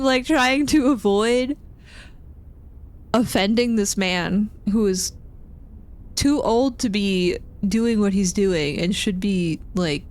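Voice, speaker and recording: A woman from Texas, a streamer telling a story in casual chat while gaming, animated and self-deprecating with nervous laughs. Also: lowish voice.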